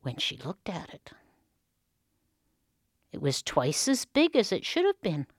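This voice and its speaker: A woman storyteller telling a folk tale with expressive, dramatic pauses. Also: on the low side, slightly rough, dry recording.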